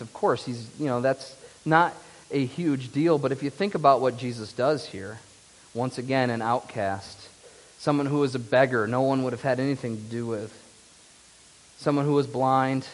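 A man's voice: medium pitch, moderate pace, big-room sound. A man preaching a sermon in an earnest, emphatic way. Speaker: pastor.

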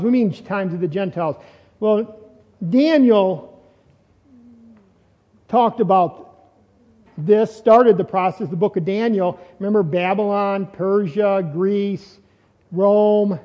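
High-voiced pastor in a reverberant hall. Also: male voice. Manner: conversational preaching with rhetorical questions. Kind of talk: sermon. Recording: dull lo-fi sound with long hall reverb.

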